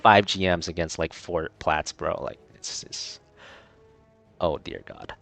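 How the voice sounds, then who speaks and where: A man's voice: low voice, steady tone, slow, creaky, fairly bright tone, soft background music. A man streaming a game live, talking through his play and ranting in exasperation about his teammates. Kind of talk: live gameplay commentary.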